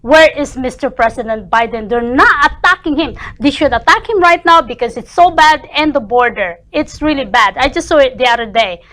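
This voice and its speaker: Woman, high voice, indignant, passionate, repeats herself. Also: lively intonation, normal speed, few pauses, fairly bright tone. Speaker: talk show guest. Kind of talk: heated political opinion.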